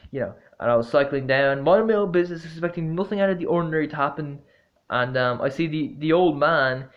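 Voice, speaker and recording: Rambling man with a lo-fi sound. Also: on the high side. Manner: rambling, halting, full of fillers and restarts; blunt, swearing, exasperated retelling. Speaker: vlogger. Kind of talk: casual anecdotal storytelling. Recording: dull lo-fi recording.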